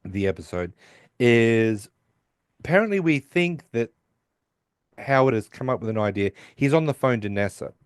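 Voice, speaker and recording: A man's voice: medium pitch, expressive, moderate pace, pauses often, smooth, no room sound, clean studio sound. Chatty man recapping an episode. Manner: rambling retelling, quotes characters with restarts. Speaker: podcast co-host recapping an episode. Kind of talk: casual chat.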